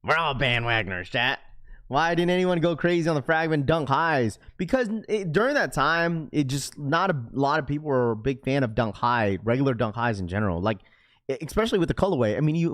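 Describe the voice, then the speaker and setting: A man's voice: mid-range voice, lively intonation, fairly quick. A young man hosting a livestream, chatting casually and rambling as he reads and answers viewers' comments. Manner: rambling, talks to chat, reads comments aloud. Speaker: livestream host.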